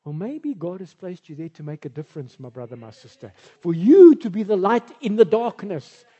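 A man preaching from the pulpit in a loose, chatty style that drifts into asides. His voice is mellow and a little husky, and it sits somewhat high for a man. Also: very animated, moderate pace, big-room sound, muffled recording. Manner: conversational, rambling, with asides and filler. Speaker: pastor. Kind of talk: sermon.

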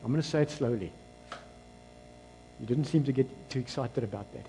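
A South African man preaching a sermon, swinging between loud exclamations and low, quiet asides, and dropping into Afrikaans phrases. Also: moderate pace, a little hiss or hum, low-quality recording. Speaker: pastor.

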